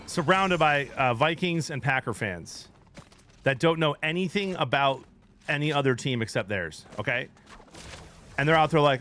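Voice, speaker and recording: A man's voice: on the high side, moderate pace. A man streaming live, chatting casually with his viewers and getting worked up as he argues. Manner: animated, gets worked up arguing sports; talks to chat between gameplay. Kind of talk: casual livestream chat.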